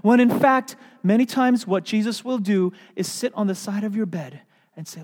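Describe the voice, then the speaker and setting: A pastor preaching a sermon, animated and storytelling, then going soft and hushed. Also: medium pitch, normal speed, in a large hall. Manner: animated storytelling, drops to soft hushed tones for quoted words.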